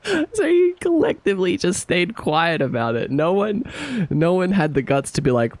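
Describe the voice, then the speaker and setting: A man's voice: high voice, sing-song, normal speed. A man streaming, chatting casually and animatedly, laughing often and sounding incredulous.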